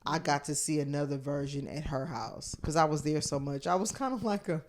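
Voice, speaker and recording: A woman comedian as a podcast guest, telling stories in casual chat, acting out quotes and swinging from hushed to loud, with lots of fillers. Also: low voice, a little fast. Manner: animated storyteller who acts out quotes with big swings from hushed to loud; filler-heavy speech with many likes and restarts.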